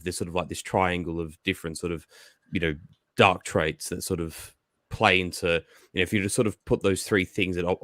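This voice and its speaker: A man's voice: deep voice, fairly bright tone, no room sound, studio quality. A man on a stream panel talking in an articulate, analytical way. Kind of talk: casual chat.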